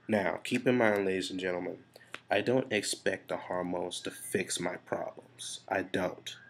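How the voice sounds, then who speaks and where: Speaking directly to his camera in a confessional vlog, a man with a low, deep, gravelly voice sounds stressed and frustrated. At a moderate pace he rambles, swears freely, and thinks aloud over slight background noise.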